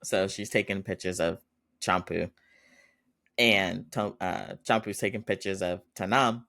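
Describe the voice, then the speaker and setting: A man's voice: sits low, steady tone, measured pace, gravelly, sharp tone. A man hosting a podcast, chatting casually through an episode recap with lots of fillers and frequent laughs. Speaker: podcast host.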